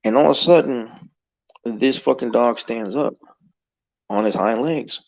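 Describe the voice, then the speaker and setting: Gravelly, profane man telling a story. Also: mid-range voice, a little slow, a little mellow, dull audio. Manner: rambling and profane, heavy on "you know" fillers. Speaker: guest telling an encounter story. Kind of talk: casual spoken storytelling.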